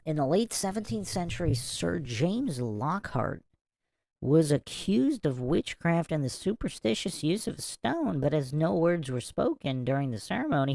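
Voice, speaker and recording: A woman hosting a podcast, reading passages aloud and stopping often for incredulous asides. Her voice sits low and sounds mellow and dark. The recording is dry, with no room sound. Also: sing-song, moderate pace, gravelly, no echo. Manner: reads passages and breaks off to react with incredulous asides. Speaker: podcast host. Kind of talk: casual commentary and reading aloud.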